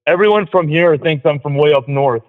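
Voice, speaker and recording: An easygoing man with a Southern accent calls into a show. His voice sits a little high. It comes through a tinny phone line. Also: brisk. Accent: Southern American. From rural American South. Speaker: caller. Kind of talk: casual phone chat.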